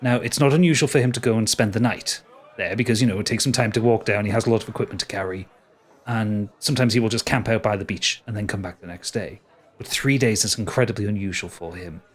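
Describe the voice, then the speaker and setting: A man's voice: fairly low pitch, fast, husky. A man voicing a tired, worried middle-aged fishwife who speaks hesitantly and apologetically.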